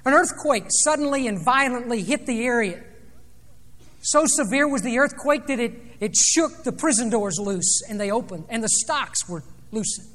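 A man preaching a sermon, retelling a scripture story dramatically, rising loud and dropping soft. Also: very high-pitched, expressive, normal speed. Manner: dramatic storytelling with sweeping swings in loudness. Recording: long reverb of a large hall.

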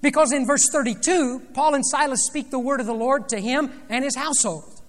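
A man preaching a sermon, retelling a scripture story dramatically, rising loud and dropping soft. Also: very high-pitched, moderate pace. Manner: dramatic storytelling with sweeping swings in loudness. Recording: long reverb of a large hall.

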